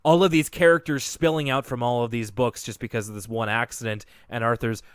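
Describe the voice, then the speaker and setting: A man's voice: mid-range voice, fairly even intonation, a little fast, clean tone, dry recording, studio quality. A man co-hosting a podcast, casually recapping a cartoon episode, rambling and laughing often. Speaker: podcast co-host.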